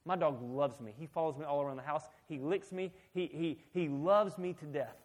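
Animated man preaching a sermon. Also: fairly high pitch, normal speed. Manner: conversational, animated, asks the audience questions. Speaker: pastor.

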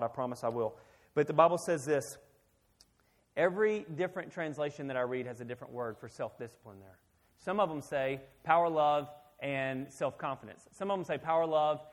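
A man in his thirties preaching a conversational sermon, asking his listeners questions along the way. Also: medium pitch. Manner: conversational, animated, asks the audience questions. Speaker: pastor.

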